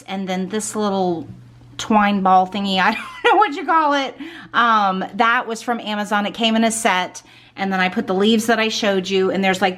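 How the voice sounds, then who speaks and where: A woman's voice: mid-range voice, a bit bright. Chatty middle-aged woman gushing over decor. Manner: chatty, gushing, frequent ums and likes. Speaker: home decor vlogger. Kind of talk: casual haul and decorating vlog. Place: at home indoors.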